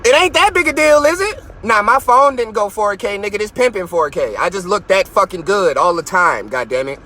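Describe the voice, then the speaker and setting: Man, very high voice, bright and sharp, mocking profane rant, podcast host, talking from his car into a phone. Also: expressive, brisk. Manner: loud, mocking and boastful, swinging his pitch way up in outbursts.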